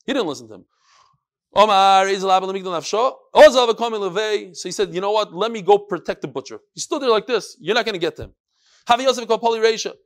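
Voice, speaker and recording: A man giving a lively Talmud class, reading the Aramaic and then telling the story in English, acting out the characters as he goes. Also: high voice, fast talker. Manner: animated storytelling, acts out the characters. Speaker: Talmud teacher.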